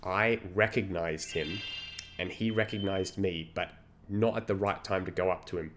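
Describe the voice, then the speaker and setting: A man's voice: deep voice, normal speed, background noise. A man chatting casually on a live stream, rambling through stories and swearing freely. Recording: game music behind.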